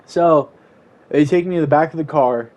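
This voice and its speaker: A man's voice: fairly high pitch, moderate pace, darkish tone. A young man casually telling a story time while gaming, rambling with lots of "like"s. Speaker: YouTuber.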